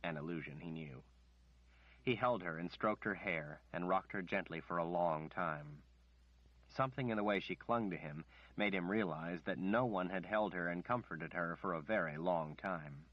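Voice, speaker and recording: A man with a very deep, low voice reads an audiobook in a measured, steady storytelling manner. The recording is dry and close, with a slightly muffled, dull tone. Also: no room sound. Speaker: audiobook narrator. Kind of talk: scripted audiobook narration.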